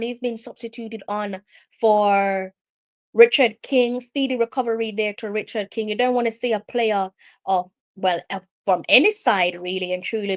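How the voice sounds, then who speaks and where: A woman with a Jamaican accent hosting a live football watch-along, excitable and exasperated, slipping into patois. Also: a little high. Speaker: live stream host.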